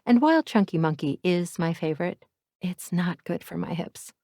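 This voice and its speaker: A woman's voice: fairly low pitch, animated, normal speed, warm tone, no echo, studio quality. Wry woman narrating an audiobook. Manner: wry, candid, self-deprecating. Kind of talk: first-person audiobook narration.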